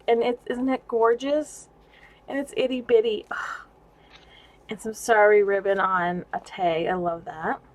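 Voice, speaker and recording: A woman's voice: mid-range voice, poor audio. Gushing woman showing craft gifts. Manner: gushing and excitable, laughs often. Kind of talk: casual show-and-tell vlog.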